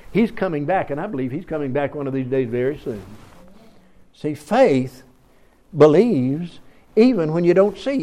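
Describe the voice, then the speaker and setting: Preacher guy, kinda high voice, folksy sermon that gets loud and fired up. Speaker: pastor.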